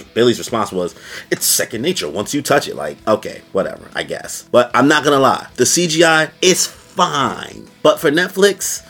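A man giving a casual video review, talking in an animated, slangy way. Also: husky. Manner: animated, slangy, jumps into high-pitched quoted voices. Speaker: YouTube reviewer.

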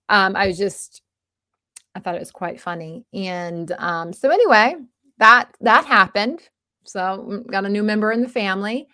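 A woman's voice: mid-range voice, moderate pace, pushed and bright, dry recording, clean studio sound. A woman in her forties hosting a casual personal monologue, rambling and self-deprecating. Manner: rambling and self-deprecating, with many restarts and fillers.

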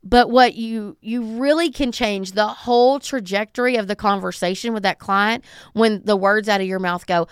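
Brief talkative woman, smooth voice. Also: medium pitch, moderate pace, no echo, studio quality. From Southern United States. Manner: conversational, emphatic, acts out callers. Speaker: podcast host. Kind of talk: solo podcast talk.

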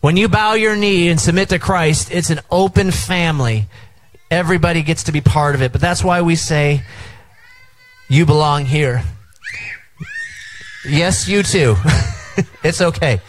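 A man's voice: fairly high pitch, measured pace, long pauses, low-quality recording. A middle-aged man preaching a sermon as pastor, engaging the crowd with call-and-response at an outdoor tent service.

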